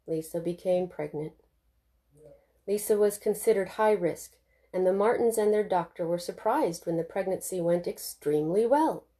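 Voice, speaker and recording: A woman reads her own novel aloud in steady, expressive narration. Her voice is warm and mellow. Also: medium pitch. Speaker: author reading her novel. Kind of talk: audiobook narration.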